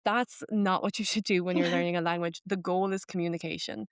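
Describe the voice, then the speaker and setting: A young Irish woman hosting a podcast in easy, rambling chat, dropping "like" into every sentence. Her voice sits a little low and comes across smooth and clear. The sound is dry and close, with no room around it. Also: fairly even intonation, fairly quick, no room sound. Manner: chatty, fills speech with "like", slips into Irish phrases. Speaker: podcast host. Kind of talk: casual chat.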